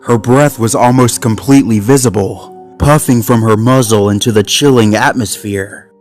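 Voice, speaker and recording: A man narrating a suspenseful animal story in a measured, scripted way. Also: mid-range voice, faint music behind.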